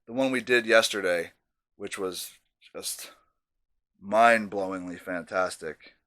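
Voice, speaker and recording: A man's voice: low voice, slow pace, a bit bright. A man casually reviewing a beer on camera, chatty and self-deprecating, with savoring asides.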